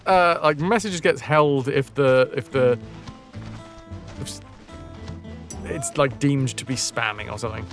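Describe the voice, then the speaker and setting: A man's voice: medium pitch, unhurried, pauses often, a bit bright, faint music behind. A man chatting and joking as he streams a game, talking to his chat and to the game. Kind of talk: live gameplay commentary.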